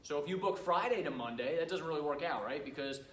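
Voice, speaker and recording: A man's voice: a little high, lively intonation, fast talker, fairly bright tone, distant mic, a little hiss or hum. Chatty man lecturing in an echoey room. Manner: chatty storyteller who acts out customers' lines. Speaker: cleaning business owner giving a talk. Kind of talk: casual training talk to a live audience. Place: room with a live audience.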